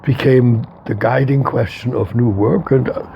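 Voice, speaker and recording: Gravelly, emphatic man in his eighties. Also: medium pitch, steady tone, moderate pace, dull audio, slight background noise. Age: 80s. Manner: emphatic and repetitive, openly emotional. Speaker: interviewee, philosopher. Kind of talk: reflective interview talk.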